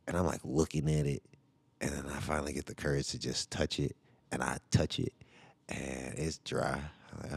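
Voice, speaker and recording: A man's voice: a bass voice, level tone, moderate pace, gravelly, slightly rough, dry recording. A father podcasting from home, telling a story in a casual, rambling way, full of "like" and "right?" asides.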